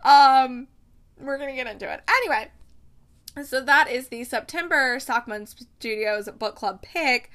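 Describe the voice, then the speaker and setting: Casting: young woman, book chatter, effusive and rambling, bright, slightly high voice. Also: a little slow. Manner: gushing, excitable, rambling with restarts. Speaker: book reviewer. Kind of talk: casual monthly wrap-up chat.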